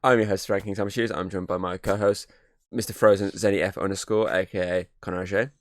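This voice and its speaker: A man hosting a casual podcast, rattling through a rambling story at speed. His voice sits a little low and sounds close and dry, with no room around it. He swears freely and leans on "obviously" as he goes. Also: fairly even intonation, fast talker, no room sound. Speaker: podcast host. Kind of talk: casual chat, anecdote.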